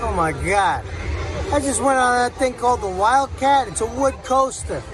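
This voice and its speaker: A man's voice: very high voice, animated, normal speed, loud music behind the voice. A man giving a jokey, wisecracking travel report at a theme park. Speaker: travel segment correspondent. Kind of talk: casual comedic vlog-style travel report. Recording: crowd and outdoor noise behind.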